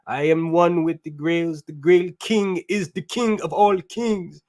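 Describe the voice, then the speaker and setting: A man playing a pompous self-crowned Grail King, making slow, grand proclamations in a put-on accent. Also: a little high, fairly even intonation, darkish tone, pitched above the performer's own voice, natural voice. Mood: grandiose.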